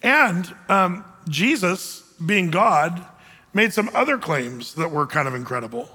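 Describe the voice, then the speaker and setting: A man's voice: sits high, big pitch swings, a little slow, bright, forceful tone, breathy edge, big-room sound. A man preaching a sermon, emphatic, acting out quotes in dramatic voices. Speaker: pastor.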